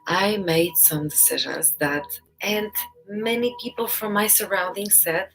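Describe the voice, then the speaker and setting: A woman giving a live online talk as a personal development coach, gentle and encouraging, pausing often and laughing now and then. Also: medium pitch, vocal fry, breathy edge, faint music behind, poor audio. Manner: speaks with many pauses and fillers.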